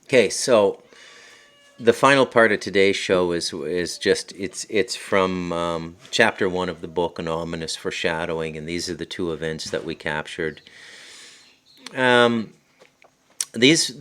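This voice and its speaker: This is a rambling story from a podcast host and author, a Canadian man with an Ottawa Valley accent whose voice is low and deep but a bit bright. He records on his phone at his rural home, wandering off on tangents and frequently starting sentences over.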